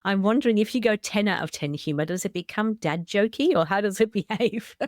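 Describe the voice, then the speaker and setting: A woman hosting an interview podcast who asks curious questions and reacts with quick, enthusiastic agreement. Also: medium pitch, dry recording, clean studio sound. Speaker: podcast host.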